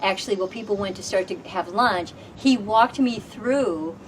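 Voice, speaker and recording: A woman recounts her own story with lively, expressive delivery, her pitch sitting in an ordinary middle range. She sounds set back from the microphone, outdoors on a porch, with clear background noise under her voice. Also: moderate pace. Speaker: housing program homeowner. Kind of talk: personal storytelling. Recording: distant mic with background noise.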